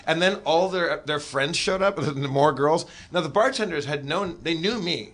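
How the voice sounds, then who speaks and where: High, bright-voiced man telling a funny story. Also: brisk, hardly any pauses. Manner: animated, acts out the voices of people in the story. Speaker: comedy podcast host. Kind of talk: comedic storytelling on a live podcast.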